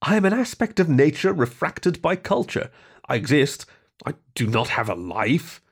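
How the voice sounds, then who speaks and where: A man voicing a grumpy, sarcastic male bear elemental in a storybook reading, speaking slowly and dryly. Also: a little high, big pitch swings, slightly rough, exaggerated voice. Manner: dry, sarcastic, slow and deliberate.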